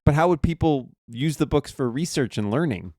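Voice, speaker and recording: A man's voice: on the high side, lively intonation, moderate pace, darkish tone, no room sound, studio quality. A man joking around as a player in a tabletop game, asking wry questions. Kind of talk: casual tabletop play.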